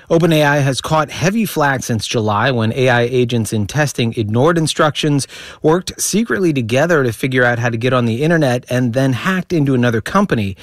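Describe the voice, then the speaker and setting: A man's voice: mid-range voice, no room sound, studio quality. Matter-of-fact male radio correspondent. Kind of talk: scripted news report.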